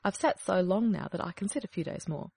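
A woman's voice: fairly low pitch, lively intonation, a little fast, vocal fry, dark tone, breathy edge, dry recording, full character voice. A woman reading aloud, voicing a fretful, tired mother duck in a fairy tale, fussing in a slightly raised voice.

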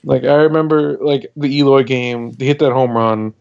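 Brief: young male podcast co-host, gravelly fry, slightly muffled lo-fi mic, exasperated rambling fan. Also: medium pitch, steady tone, normal speed, a little mellow. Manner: frustrated, rambling, swears. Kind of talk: casual sports talk.

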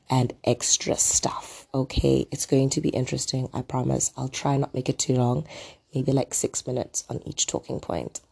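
A podcast host chatting casually on their own, hoarse from a throat illness, rambling with lots of ums and asides. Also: medium pitch, warm tone. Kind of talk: casual solo podcast chat. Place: at home.

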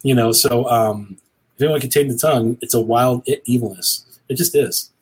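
A man's voice: medium pitch, normal speed, darkish tone, husky, low-quality recording. A middle-aged man talking earnestly and rambling a little, like a preacher, as a guest on a cigar show. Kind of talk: casual conversation.

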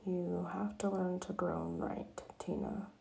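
A woman's voice: lowish voice, flat delivery, takes it slowly, vocal fry, darkish tone, exaggerated voice. A woman doing a weary grumbling dad, whispered role-play. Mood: exasperated. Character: dad, tired grumpy cook.

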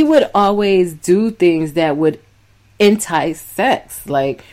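A woman co-hosting a couple's podcast, telling her side with animated, emphatic storytelling. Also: fairly low pitch, slow pace. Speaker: podcast co-host. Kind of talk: casual couple's podcast chat.

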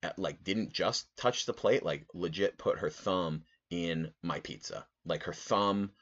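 A man hosting a podcast, telling a rambling, animated story in a casual monologue full of fillers. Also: deep voice, unhurried, muffled recording. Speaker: podcast host.

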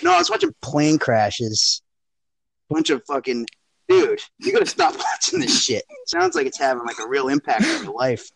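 A man co-hosting a casual chat, joking and swearing in an animated way. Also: medium pitch, normal speed, creaky, no echo, low-quality recording.

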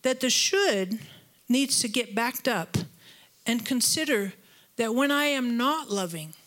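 Woman pastor, conversational sermon with funny asides, bright and slightly high voice. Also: slow pace. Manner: chatty storytelling with humor and asides; animated, voice jumps higher when retelling conflict.

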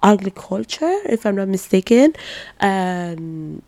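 A young woman from Italy hosting a podcast, talking in a casual, animated and emphatic way, full of fillers and exasperated asides. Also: mid-range voice, takes it slowly, no room sound. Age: young adult. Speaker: podcast host. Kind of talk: casual solo commentary.

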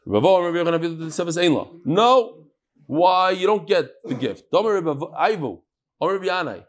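Animated man teaching Talmud. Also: high-pitched, normal speed. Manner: mixes Yiddish-Hebrew terms into English, acts out dialogue.

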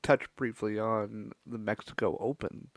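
Man, gravelly voice, joking, moves the chat along, dry close sound. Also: on the low side, fairly even intonation, unhurried, no echo. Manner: joking, steers the topics. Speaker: podcast co-host. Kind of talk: casual chat.

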